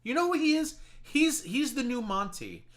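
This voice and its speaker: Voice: sits high, sing-song, normal speed, a bit bright. A reaction streamer mocking another streamer in casual live commentary, swearing freely and slipping into mock-weepy impressions.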